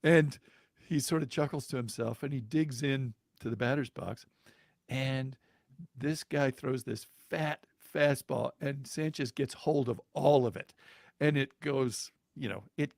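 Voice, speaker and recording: A man spins a story on a podcast with a gravelly, mid-pitched voice. He chuckles through his telling and stumbles over the odd restart and filler. The sound is close and dry, with no room around it. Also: dry recording. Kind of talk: conversational storytelling.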